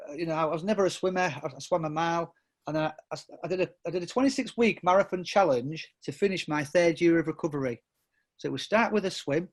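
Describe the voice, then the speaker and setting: A middle-aged man from England, a podcast guest telling stories casually, rambling with many restarts and often laughing. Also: on the high side. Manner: rambling, self-interrupting with many restarts and fillers. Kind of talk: casual storytelling interview.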